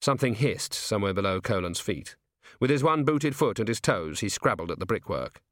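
A man narrating an audiobook in a measured, even storytelling manner. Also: lowish voice, no room sound. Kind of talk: scripted narration. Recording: dry close studio read.

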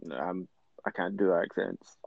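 A man's voice: low voice, steady tone, a little slow, gravelly, a little hiss or hum. A man with a Dundee Scottish accent co-hosting a podcast, easygoing and jokey, swearing now and then. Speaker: podcast co-host. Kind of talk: casual chat. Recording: dull lo-fi sound.

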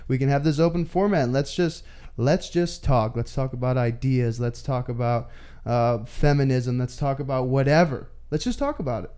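A man hosting a podcast, closing the episode in a relaxed, easygoing way. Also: mid-range voice, moderate pace, smooth. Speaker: podcast host. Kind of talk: podcast outro.

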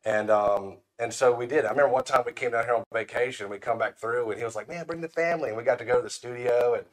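A man's voice: mid-range voice, fairly even intonation, fast talker. A man chatting casually on a podcast, telling folksy stories and acting out the people he quotes. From Florida panhandle. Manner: folksy storyteller, acts out quoted voices. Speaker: podcast guest, brand founder. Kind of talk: casual chat.

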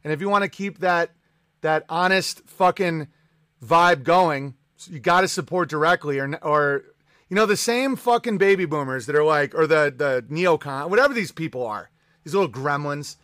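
A man's voice: a little high, normal speed, bright, forceful tone, no echo, studio quality. A male livestream host ranting in casual talk, profane, combative and sarcastic. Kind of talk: ranting live-stream chat.

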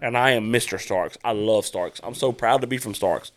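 A man hosting a casual podcast chat, loud, brash, joking and swearing freely. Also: lowish voice, normal speed. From Southwest Louisiana. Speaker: podcast host.

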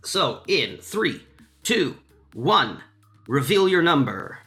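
A man's voice: a little high, sing-song, slow, bright, forceful tone, soft background music. A man narrating as game master of a tabletop game, casual with many fillers. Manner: casual, lots of fillers, laughs easily.

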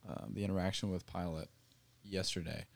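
A man's voice: sits low, fairly even intonation, a little fast, creaky. A man in a casual faith discussion, sharing reflections hesitantly.

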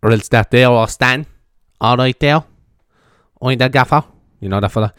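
Wandering his bedroom with a handheld mic, this Irish podcaster chats in a half-whispered ASMR ramble, drifting from topic to topic and cursing freely in soft, hushed tones. His medium-pitched voice moves at normal speed and sounds smooth. The recording is clean studio sound with no room ambience.

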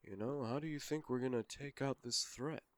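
A man's voice: mid-range voice, normal speed, dry recording, voice pushed down, close to an everyday voice. A man playing a scheming Santa Claus in an improvised comedy role-play, delivering rambling, mock-grand speeches. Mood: admiring. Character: scheming male Santa Claus leading a revenge mission.

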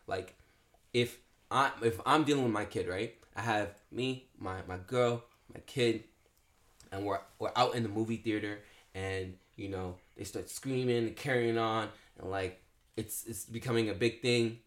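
A man's voice: on the low side, measured pace, a bit bright. A young man co-hosting a podcast, arguing his view in casual conversation, padding his talk with "like" and "you know". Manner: conversational, heavy use of filler "like" and "you know". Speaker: podcast co-host. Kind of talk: casual debate chat.

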